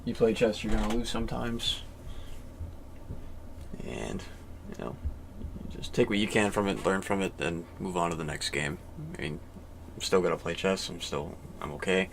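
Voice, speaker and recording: A man's voice: low voice, fairly even intonation, moderate pace, vocal fry, slight background noise. A man playing online chess and thinking aloud, in a glum, self-critical mutter. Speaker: chess player.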